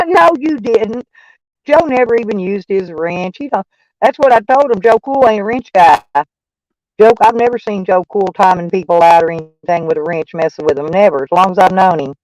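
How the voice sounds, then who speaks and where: Texan woman streamer, loose and profane, mid pitch, dry sound. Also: normal speed, a little mellow, dry recording, low-quality recording. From Texas. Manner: rambling, profane, folksy. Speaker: live streamer. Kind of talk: casual live-stream chat.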